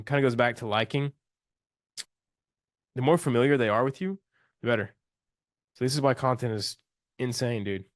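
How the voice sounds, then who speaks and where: A man's voice: mid-range voice, no echo. Casual young man coaching, dry sound. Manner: loose, slangy and enthusiastic, restarts a lot. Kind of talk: casual live coaching call.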